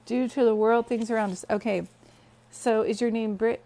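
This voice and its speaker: A talkative woman sits on her bed and hosts a livestream, greeting viewers one by one. Her voice sits a little high, and she drifts easily into personal stories. It sounds like a phone recording. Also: fairly even intonation, moderate pace, dark tone. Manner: chatty, greets viewers, storytelling. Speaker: psychic medium livestream host. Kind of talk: casual livestream chat. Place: bedroom, sitting on bed.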